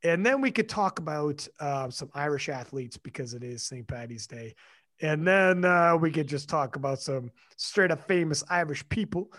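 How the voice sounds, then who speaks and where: A man hosting a casual podcast, animated and joking, swearing freely. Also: fairly high pitch, moderate pace, dry recording, clean studio sound. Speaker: podcast host.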